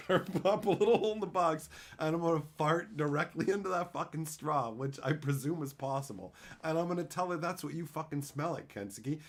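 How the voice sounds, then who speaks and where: A man chatting casually with his livestream viewers, crude and joking, swearing freely as he tells animated bits. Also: fairly high pitch. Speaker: streamer answering chat.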